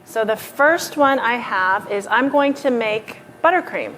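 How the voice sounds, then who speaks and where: A woman's voice: on the high side, expressive, unhurried, fairly bright tone, a little hiss or hum. A woman giving a live cooking demonstration as a lecturer in a hall, explaining each step in a chatty way with fillers. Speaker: pastry chef lecturer.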